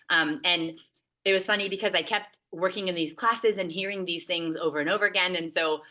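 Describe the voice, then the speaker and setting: Woman doing a teaching talk, kinda low but really bright voice, lots of ums and restarts. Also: brisk. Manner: conversational, hesitant with many filler sounds. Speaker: behavior support presenter. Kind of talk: recorded teaching presentation.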